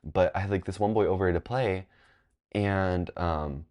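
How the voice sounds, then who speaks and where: A man in his twenties telling a rambling, animated storytime vlog, full of "like" fillers. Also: sits low, measured pace. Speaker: vlogger. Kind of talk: casual storytime.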